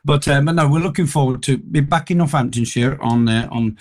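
Man, radio guest, chatty storyteller, mid-pitched voice, casual. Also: fairly quick, darkish tone. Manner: chatty anecdotal storyteller, frequent restarts. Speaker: tribute act singer and guest. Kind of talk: casual radio interview chat.

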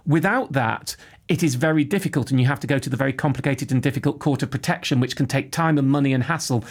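A man's voice: medium pitch, fast talker. A man hosting a podcast, answering a listener's money question in a chatty, joking way. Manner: chatty, jokey, explains at length. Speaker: podcast host. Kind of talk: casual podcast Q&A.

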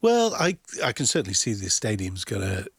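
A man's voice: lowish voice, wildly swooping pitch, fairly quick, slightly rough, dry recording, studio quality. A man talking about music on a radio chat, knowledgeable and chatty, with an easy laugh. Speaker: music commentator.

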